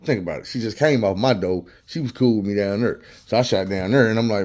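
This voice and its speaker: Deep-voiced man telling a story, slangy and animated. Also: quick pace. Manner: animated, slangy, profane, acts out quotes. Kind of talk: casual storytelling.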